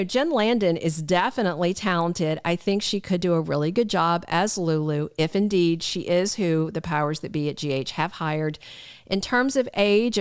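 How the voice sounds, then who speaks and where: A woman's voice: on the low side, clear, resonant tone, no echo, clean studio sound. A middle-aged woman hosting a soap opera news show, chatting casually and gossipy, talking straight to her viewers. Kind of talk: casual spoken news chat.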